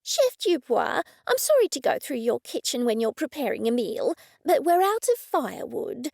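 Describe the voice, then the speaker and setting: A woman voicing a lively, cheerful female friend who runs a boarding house, speaking in a bright, chirpy way. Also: high-pitched, moderate pace, gravelly, dry recording, clean studio sound, heavily acted.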